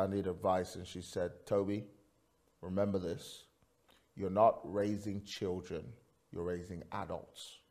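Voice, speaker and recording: A man preaching a sermon, swinging from quiet storytelling to loud, fervent peaks. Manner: preaching with big swings in pitch and loudness, rising to fervent peaks. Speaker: pastor.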